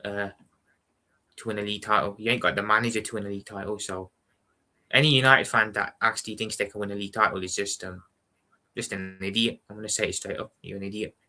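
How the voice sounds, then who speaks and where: A man's voice: lowish voice, steady tone, quick pace, pushed and bright. A man with a Scouse accent from Liverpool, chatting bluntly and rambling on a live football watchalong stream, often repeating "you know what I'm saying". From Liverpool, England. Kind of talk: casual live-stream chat.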